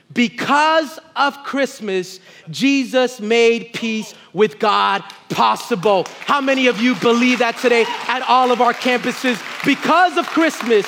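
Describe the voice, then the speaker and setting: Pastor, thirties man, very high-pitched, animated sermon storyteller, calls for congregation responses. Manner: storytelling preacher, swings from quiet to loud exclaiming.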